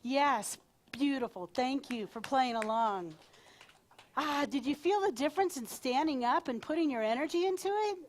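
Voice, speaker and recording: A high-voiced woman minister speaks expressively at a normal speed during a live sermon at a spiritual center. Her delivery is playful and conversational, and she makes asides to the congregation in front of her.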